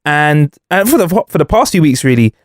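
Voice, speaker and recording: A man co-hosting a podcast, bantering in a jokey, lively way. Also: fairly high pitch, fairly quick, no echo, studio quality. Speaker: podcast co-host. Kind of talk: casual chat.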